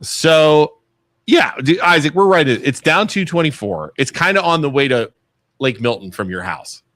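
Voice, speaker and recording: A man's voice: on the high side, moderate pace, dry recording, clean studio sound. A man co-hosting a local call-in podcast, bantering casually and laughing often. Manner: animated, laughs often, blurts questions. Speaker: podcast co-host.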